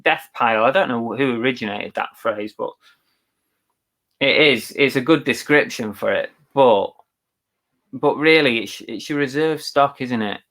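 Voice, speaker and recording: A chatty man co-hosts a casual livestream and reads viewer comments aloud. His voice sits at a middling pitch for a man. He thinks aloud, agrees easily and restarts his sentences as he goes. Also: unhurried, fairly bright tone. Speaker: co-host of a live reselling show. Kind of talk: casual live-stream chat, reading viewer comments.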